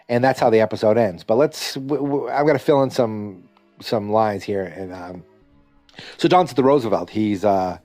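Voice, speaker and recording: Recorded dry, this man's lowish, somewhat mellow voice carries a loose, rambling podcast recap of a TV episode. Fillers and restarts come often, and he slips into quick asides to act out what the characters said.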